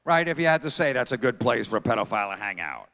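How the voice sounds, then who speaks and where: A middle-aged man performs stand-up on a theater stage, telling brash, profane stories and engaging with the crowd, all under long theater reverb. His medium-pitched, fairly bright voice moves fast with big swings in pitch.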